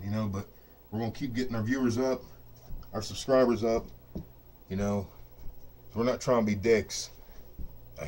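A man's voice: fairly low pitch, darkish tone, a little hiss or hum. Fired-up profane man ranting to camera. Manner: profane, boastful and fired up, heavy with "you know what I mean". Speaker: craps dice-control video host. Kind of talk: casual unscripted rant to camera. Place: home studio set up for dice rolling.

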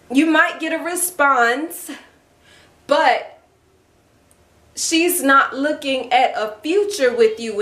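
A woman with a high, bright-pitched voice talks straight to camera, blunt and exasperated as she hands out dating advice. Her chatty delivery is packed with fillers, and the sound rings in an echoey room with faint music underneath. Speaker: vlogger giving dating advice. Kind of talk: casual advice vlog.

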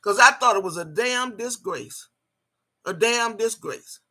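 An older woman delivers a heated rant straight at someone she disapproves of. Her voice is sharp and forceful, and she curses freely and repeats phrases over and over to drive her points home. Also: fairly high pitch, lively intonation, unhurried. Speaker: video blogger. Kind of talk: ranting commentary.

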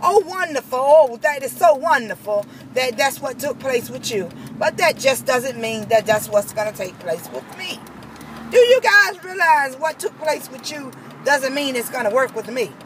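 High-voiced woman ranting over traffic. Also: very animated, normal speed. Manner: heated, repetitive, emphatic. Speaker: vlogger. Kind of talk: angry personal rant.

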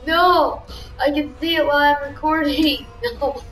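A woman commenting on a video game as she plays, excitable, yelping and shouting at what happens on screen. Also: high voice, a little slow. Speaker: gamer. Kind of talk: let's play commentary. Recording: echoey room, far from mic. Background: loud game music.

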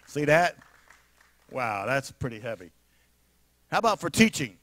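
A man with a New York area accent, preaching a sermon as pastor in an animated, emphatic way with frequent laughter. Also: medium pitch, measured pace, no room sound. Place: church sanctuary.

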